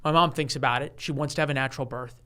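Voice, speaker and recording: A man in his forties, a guest author telling a story in an interview, animated and given to restarts, acting out the voices of the people he quotes. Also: medium pitch, racing, clean tone. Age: 40s.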